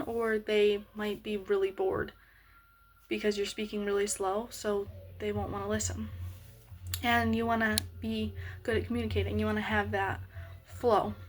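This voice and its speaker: A woman explaining a lesson on voice slowly, with many pauses and fillers. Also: medium pitch.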